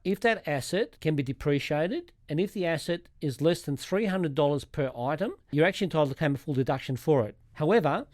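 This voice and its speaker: Male accountant guest, methodical explainer, slightly high voice, dry studio sound. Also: a little mellow, dry recording. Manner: methodical, walks through examples step by step. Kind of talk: explaining tax rules in a podcast.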